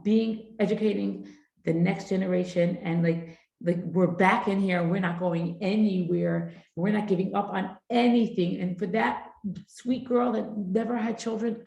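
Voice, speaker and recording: A woman's voice: medium pitch, steady tone, normal speed, vocal fry, darkish tone, reverberant, rough recording. A middle-aged woman teaching a parenting class in a chatty, informal way, mixing Hebrew and Yiddish terms into her talk.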